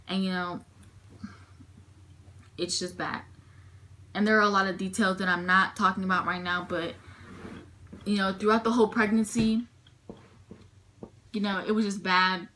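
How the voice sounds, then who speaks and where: A young woman tells a personal story straight to her camera, quoting herself and others as she goes. Her voice has a bright edge and sits at an ordinary pitch for a woman. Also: little pitch movement, normal speed, long pauses, a little hiss or hum. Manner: emotional retelling, frequent "I'm like" quotes. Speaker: vlogger.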